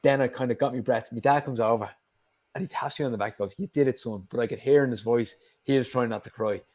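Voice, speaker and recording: A man's voice: mid-range voice, steady tone, fast, a little mellow. An Irish man, a guest on a show, telling a story in casual chat, with lots of fillers and the odd swear word.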